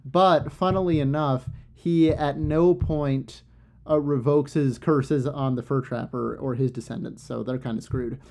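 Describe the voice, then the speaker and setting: A man's voice: medium pitch, fairly even intonation, unhurried, gravelly, a little mellow. A young man casually retelling an old myth in loose, rambling slang with plenty of fillers. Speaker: storyteller.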